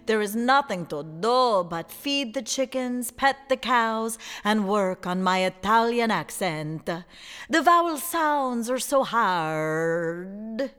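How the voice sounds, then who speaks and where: A woman's voice: a little high, animated, slow pace, few pauses, fairly bright tone. A woman playing a lonely, flirtatious farm wife in a live stage parody, coy and melodramatic. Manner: breathy melodrama, coy double entendres. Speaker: stage comedian. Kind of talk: live musical-theater parody. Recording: reverberant theater with faint music.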